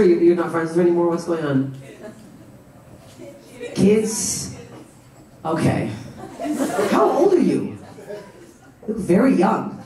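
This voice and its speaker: A woman's voice: lowish voice, animated, slow pace, pauses often. A woman comedian doing brash, profane, teasing crowd work on a club stage. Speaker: stand-up comedian. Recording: echoey live club from a distant mic. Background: loud laughing crowd.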